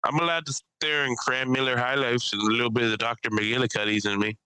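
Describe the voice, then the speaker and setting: Young man, casual podcast chat, bright forceful voice, dry close sound, lively storyteller. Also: quick pace, clean tone, no room sound, poor audio. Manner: animated storyteller who acts out people in high voices. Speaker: podcast co-host and stand-up comic.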